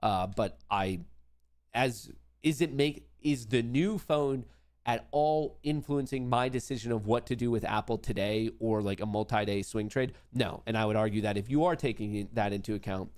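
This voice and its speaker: A man's voice: fairly low pitch, normal speed, a little mellow. A young man hosting a live trading stream, talking loosely and jokingly with swearing and many restarts. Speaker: livestream trading show host. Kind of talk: casual live-stream commentary.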